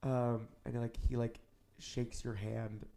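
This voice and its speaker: Gravelly game master narrating casually. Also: male voice, medium pitch, flat delivery, takes it slowly, mellow. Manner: casual, filler-heavy narration.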